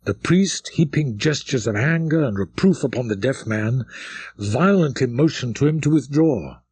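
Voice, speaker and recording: A man narrating a classic novel in a dramatic, measured storytelling manner. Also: medium pitch, animated, a little mellow, slightly rough, no echo. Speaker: audiobook narrator.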